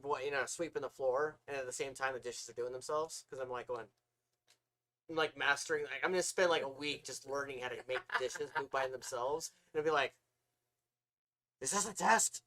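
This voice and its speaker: A man co-hosting a casual podcast, telling long, animated stories, acting out voices and swearing often. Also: medium pitch, fairly quick. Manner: rambling, animated storytelling that acts out voices, with frequent swearing. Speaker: podcast co-host.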